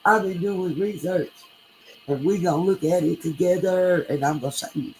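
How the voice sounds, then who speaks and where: A woman's voice: on the low side, moderate pace, darkish tone, rough recording. Woman hosting a casual true crime livestream, talkative and heartfelt, over faint hiss. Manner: chatty, emotional, thanks viewers by name. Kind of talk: casual livestream talk, reading chat.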